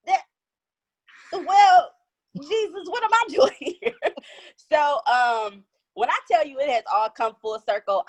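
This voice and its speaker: A woman guest opening up in a casual conversation, candid and reflective. She speaks in a fairly low voice for a woman. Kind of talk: casual chat.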